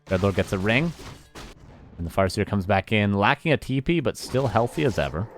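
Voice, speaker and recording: A man's voice: on the low side, animated, brisk, slight background noise. A Canadian man casting a live strategy game match, chatty and self-mocking, thanking viewers by name between plays. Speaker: esports caster.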